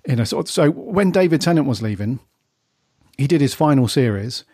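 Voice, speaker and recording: A man's voice: medium pitch, expressive, a little fast, darkish tone, husky, dry recording, studio quality. A man co-hosting a casual fan podcast, talking at length in a rambling, chatty way and turning to his co-host for his view.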